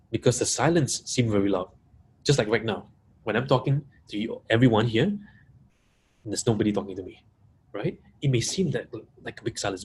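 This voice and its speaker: A man's voice: mid-range voice, darkish tone, a little hiss or hum. A man giving a webinar talk to coaches, repeating key points and stressing single words. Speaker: coaching trainer. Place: live audience room.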